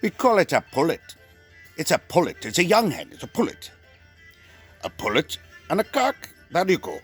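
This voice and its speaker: A man playing a gruff, rude country poultry seller, blunt and indignant in a raised voice. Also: fairly high pitch, very animated, moderate pace, faint music behind, pitched above the performer's own voice.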